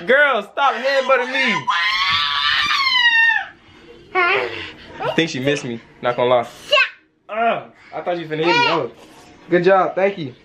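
A man's voice: a little high, very animated, normal speed, pauses often, very noisy. A man filming a casual home vlog as a young father, playfully laughing and scolding his toddler in a bedroom.

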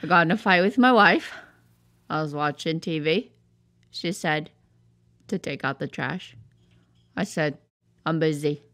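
Here the same cartoon role returns: a woman voicing a destructive, gloomy male tornado who complains to his therapist, whiny and exasperated. She speaks low and unhurried with long pauses, her tone fairly bright, recorded clean in a studio with no room sound.

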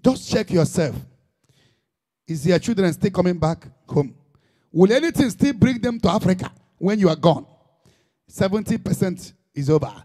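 A man's voice: high-pitched, lively intonation, normal speed, pauses often, mellow. A man with a Nigerian Igbo accent, preaching a sermon as a pastor in an impassioned, emphatic style full of repetition.

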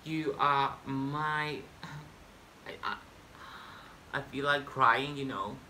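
A man vlogging a casual storytime monologue to camera, excitable and boastful, breaking into sudden loud swearing outbursts. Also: mid-range voice, slow, a little hiss or hum.

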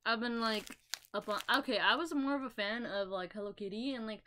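A woman's voice: a little high, brisk, bright, forceful tone, slight background noise. A young woman chatting in a casual haul video, rambling with lots of fillers and the odd swear word, recorded on a laptop mic at home. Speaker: vlogger.

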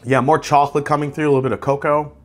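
A man's voice: fairly high pitch, racing, soft background music. Man casually reviewing whiskey. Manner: conversational, relaxed, savoring tasting notes aloud. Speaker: whiskey reviewer, channel host.

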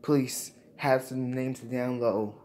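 In a slow, fairly even, somewhat mellow voice of medium pitch, a young YouTuber speaks casually to his viewers. He's emotional and keeps repeating himself, thanking everyone repeatedly and saying "guys" a lot.

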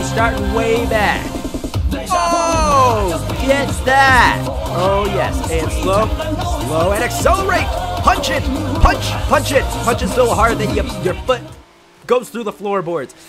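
Excitable young man, jokey game commentary, high, swooping pitch, recorded in his room. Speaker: gaming channel host. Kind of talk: let's-play commentary.

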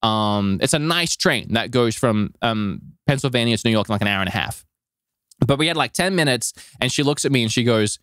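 A man co-hosting a podcast, telling a travel story in a rambling, animated way with lots of filler words. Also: medium pitch, brisk, clear, resonant tone, no echo, clean studio sound. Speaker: podcast co-host. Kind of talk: casual storytelling chat.

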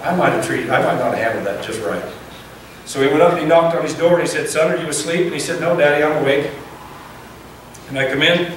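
A man's voice: on the high side, fast talker. A man preaching a sermon to men about fatherhood, acting out the voices of a father and son as he tells stories. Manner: acts out dialogue in a story. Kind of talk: sermon storytelling. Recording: echoey room from far off, noisy.

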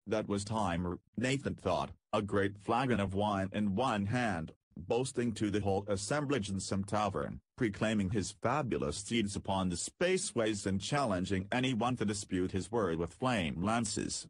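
Low, husky male audiobook narrator. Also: lively intonation, normal speed, hardly any pauses, no echo. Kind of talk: scripted narration.

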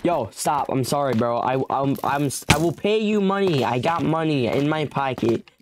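A man's voice: on the high side, lively intonation, moderate pace, noisy background. A young man giving let's play commentary, frantic and pleading as he bargains with the creatures in his game. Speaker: gamer.

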